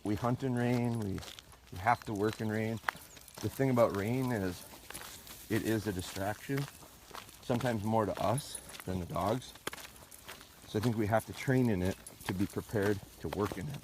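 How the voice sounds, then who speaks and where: A fairly low-voiced man talks casually to viewers while working his dogs outdoors on a farm, breaking off for short, firm heel and sit commands. His phone or tripod camera picks up noticeable outdoor noise. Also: normal speed, long pauses. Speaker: dog trainer. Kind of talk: live outdoor training stream. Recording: noisy outdoor livestream.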